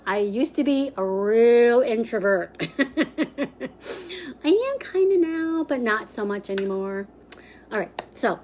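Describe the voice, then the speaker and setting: A woman's voice: fairly high pitch, darkish tone, slight background noise. A woman teaching a sign language class live online, chatty and loose, with lots of fillers, restarts and laughter. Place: library.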